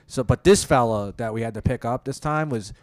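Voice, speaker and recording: A man's voice: mid-range voice, brisk, darkish tone, no echo. A man co-hosting a podcast, telling a rambling, profane story in casual chat. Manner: rambling, profane, quotes people in put-on voices. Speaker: podcast co-host.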